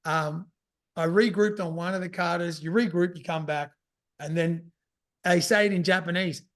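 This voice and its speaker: A man's voice: sits high, fairly even intonation, moderate pace. A man in casual podcast chat, rambling and swearing as he acts out his own thoughts. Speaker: podcast guest.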